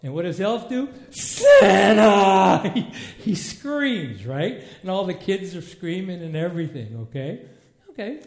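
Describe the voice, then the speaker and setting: A man teaching a Bible lesson in a church hall in a loose, lively way, acting out scenes in different voices. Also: high-pitched, moderate pace. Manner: animated, acts out movie scenes in voices. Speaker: preacher. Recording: echoey room.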